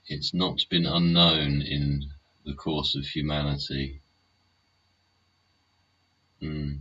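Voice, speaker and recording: A man's voice: very deep voice, flat delivery, slow, fairly bright tone. A man hosting a live solo show from home, rambling, swearing a lot and tagging his points with questions. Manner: heavy swearing, tag questions. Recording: muffled lo-fi sound, faint hiss.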